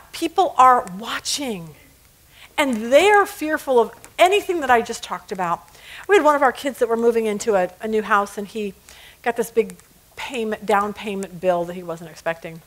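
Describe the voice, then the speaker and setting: A woman's voice: fairly high pitch, lively intonation, normal speed. A middle-aged woman teaching a women's Bible study, telling stories and acting out quotes, laughing at her own jokes.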